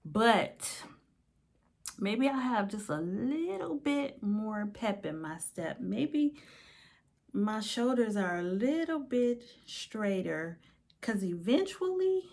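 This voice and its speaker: A middle-aged woman life coach reflecting on her faith and reading her journal prayers, slow and confiding, her voice sinking to a whisper at times. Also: on the low side, darkish tone.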